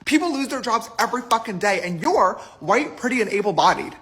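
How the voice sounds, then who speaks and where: A man ranting in a sarcastic, dismissive way, swearing freely, with a husky voice. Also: sits high, very animated, a little fast, sharp tone. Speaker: internet personality. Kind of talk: ranting clip.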